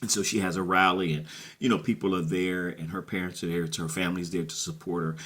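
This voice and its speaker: A man's voice: sits low, fairly even intonation, fast talker, fairly bright tone. A man casually recapping a TV episode, chatty and slangy, often repeating himself and playing the characters' lines. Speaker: show recap host.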